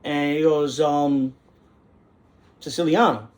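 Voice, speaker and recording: A man, hosting and telling a street story in a brash, profane, animated way. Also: mid-range voice, moderate pace. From New York. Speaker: host. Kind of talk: casual storytelling monologue.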